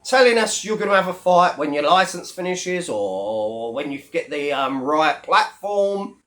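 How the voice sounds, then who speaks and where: High-voiced man ranting bluntly. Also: expressive, measured pace, a bit bright. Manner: blunt, heavy swearing, mocking. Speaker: YouTube commentator. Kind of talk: ranting commentary vlog.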